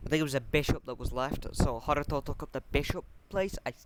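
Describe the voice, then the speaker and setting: A man's voice: a little high, background noise. Rambling man telling a fan story. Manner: halting and rambling, with many fillers, restarts and casual swearing. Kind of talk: casual unscripted fan-story retelling.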